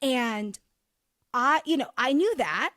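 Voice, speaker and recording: A woman co-hosting a faith podcast, sharing her thoughts in a reflective, unhurried way. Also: high-pitched, expressive, a bit bright, dry recording, clean studio sound. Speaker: podcast co-host. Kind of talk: candid faith podcast conversation.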